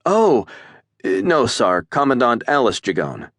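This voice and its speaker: A man's voice: medium pitch, very animated, measured pace, a bit bright, dry recording, clean studio sound, voice pushed up. A man voicing a young male cadet who is stiffly formal and nervous, speaking in clipped military phrases.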